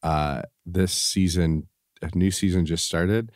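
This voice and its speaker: A man's voice: sits low, steady tone, slow, a little mellow, no echo, clean studio sound. A man co-hosting a podcast in casual chat, laid-back but arguing his point and swearing. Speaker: podcast co-host.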